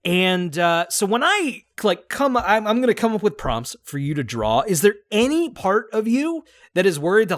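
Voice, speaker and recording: A man's voice: sits high, very animated, normal speed, hardly any pauses, dry recording, studio quality. A man chatting casually as a guest on an art show, laughing often as he talks. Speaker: guest prompt-giver. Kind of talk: casual chat.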